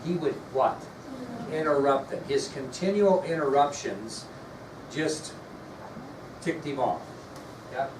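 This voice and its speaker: A man giving a history lecture to his class, blunt and folksy, often putting questions to the students. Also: medium pitch. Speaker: history teacher. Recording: echoey classroom from far off with noise.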